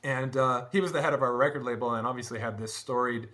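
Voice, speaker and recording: A middle-aged man speaking as an interview guest, telling stories in a casual, animated way, laughing often and restarting his sentences. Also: mid-range voice, fast talker. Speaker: guest, former band drummer. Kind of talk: casual conversational storytelling.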